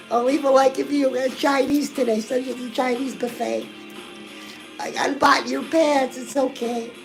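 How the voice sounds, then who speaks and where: A woman's voice: high voice, vocal fry, poor audio. A woman playing a chirpy, pushy lifestyle guru who chats gushingly to the viewer in a comic character monologue. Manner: gushing, chatty, keeps addressing the viewer as girl. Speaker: host. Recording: music playing loudly under the voice. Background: music.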